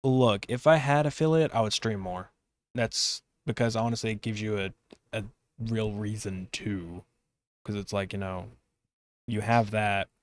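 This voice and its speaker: A man's voice: on the low side, a little slow. A young man hosting a casual podcast, rambling and self-deprecating, with a slight lisp. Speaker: podcast host and streamer.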